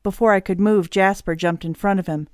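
A woman reading a first-person audiobook story in a steady, clear storytelling manner. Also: medium pitch, brisk, no room sound, studio quality. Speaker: audiobook narrator.

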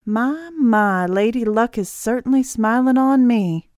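A woman's voice: mid-range voice, moderate pace, clear, resonant tone, no echo, studio quality, lightly acted. A woman reading an audiobook voices a ruthless, scheming male killer who talks in a cold, gloating way.

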